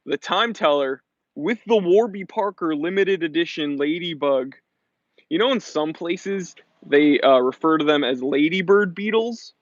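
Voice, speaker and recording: A man's voice: a little high, measured pace, no room sound. Upbeat American man hosting a live stream. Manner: chatty and upbeat, reads viewer comments aloud, laughs often. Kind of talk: casual live-stream chat. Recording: slightly dull, lo-fi stream audio.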